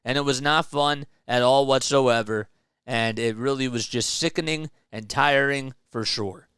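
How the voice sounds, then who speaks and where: A man's voice: medium pitch, unhurried, fairly bright tone, smooth, dry recording, clean studio sound. A man hosting a solo sports show, ranting with frustration and emphasis about his team's losses and speaking directly to the manager. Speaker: sports commentary host. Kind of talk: solo fan rant about baseball.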